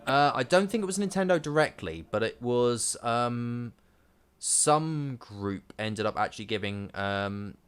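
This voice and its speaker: A man's voice: medium pitch, expressive, a little slow, smooth. A man casually commentating his gameplay and chatting to his units, with game music behind. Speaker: streamer.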